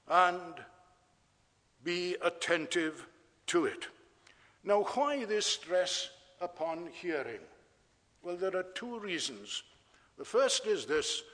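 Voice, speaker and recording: A man with a high voice preaches slowly and deliberately, stressing and repeating his key words. His sermon rings out with a long reverb, as in a church hall. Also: a bit bright.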